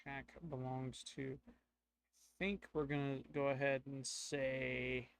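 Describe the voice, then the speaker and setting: A man's voice: medium pitch, little pitch movement, slow pace, vocal fry, clean tone. A man narrating a solo tabletop game, thinking aloud with hesitations and filler words.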